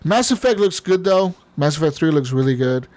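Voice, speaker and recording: A man's voice: fairly high pitch, lively intonation, a little fast, a little mellow. A man co-hosting a podcast, telling a long story in casual chat, rambling and profane, often laughing. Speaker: podcast co-host.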